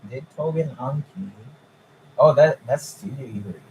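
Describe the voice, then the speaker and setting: A young man chatting casually on a live stream, excitable and incredulous, swearing freely. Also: mid-range voice, a little slow, a little hiss or hum, low-quality recording.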